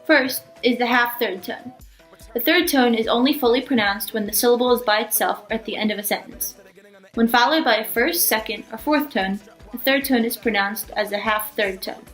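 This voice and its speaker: A woman reading a scripted language lesson, explaining rules in a clear, steady way. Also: a little high, normal speed, faint music behind, poor audio. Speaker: language teacher.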